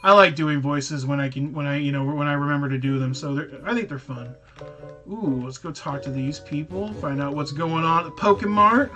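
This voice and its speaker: A man's voice: a little high, brisk, music in the background, low-quality recording. A man hosting a game playthrough, chatting casually between scenes. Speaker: gaming channel host.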